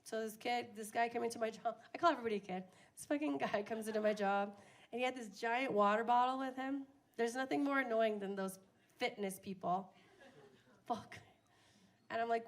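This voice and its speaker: A woman's voice: on the high side, a little fast. A young woman doing a crude, self-mocking stand-up comedy set on a bar stage, often laughing at her own jokes.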